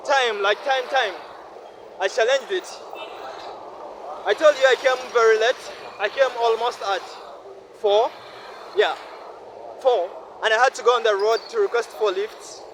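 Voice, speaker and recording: A Ugandan man in his twenties vlogs outdoors beside a busy road, his fairly high voice riding over loud traffic noise. He speaks earnestly and repeats himself, often checking in with the listener. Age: 20s. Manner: earnest, repetitive, asks listener "no?". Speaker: vlogger. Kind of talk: casual vlog monologue.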